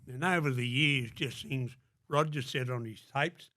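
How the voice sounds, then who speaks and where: The voice belongs to an older Australian man, medium in pitch, a bit slow, pushed and bright, in a dry, clean studio recording. As an interview guest, he's blunt and swears nonstop while relating casual stories and acting out what people told him.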